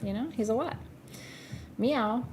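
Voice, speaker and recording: Co-host, woman, chatty and playful, fairly high voice, faint noise behind. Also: measured pace, darkish tone. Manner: chatty, playful, breaks into laughter. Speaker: co-host of live crystal show. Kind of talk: casual chat.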